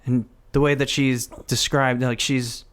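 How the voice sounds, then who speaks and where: A man's voice: medium pitch, little pitch movement, unhurried, clear, resonant tone. A man co-hosting a podcast, chatting casually about a comedy film and retelling its scenes with many restarts. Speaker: podcast co-host. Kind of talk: casual chat reviewing a film.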